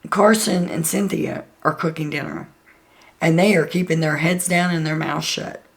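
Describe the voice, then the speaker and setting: Low gravelly woman recapping gossip. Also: steady tone, normal speed. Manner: chatty, gossipy, lots of "like" and "um". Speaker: reality TV recap vlogger. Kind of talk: casual storytelling recap.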